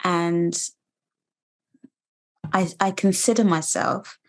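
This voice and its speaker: Guest voice: British woman, thirties, slightly low, earnest and measured. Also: steady tone. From United Kingdom. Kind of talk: personal testimony interview.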